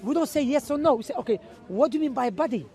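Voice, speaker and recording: A man's voice: extremely high pitch, lively intonation, fast talker, warm tone. A man preaching on theology outdoors in a city, emphatic and full of rhetorical questions. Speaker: Islamic preacher. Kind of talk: outdoor street talk on theology.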